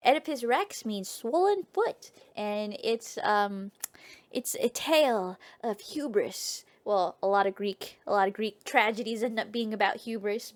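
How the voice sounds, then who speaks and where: A woman's voice: a little high, lively intonation, unhurried. A young woman streamer casually retelling an old tale to her live chat, playful and profane, often trailing off and restarting. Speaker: streamer and storyteller.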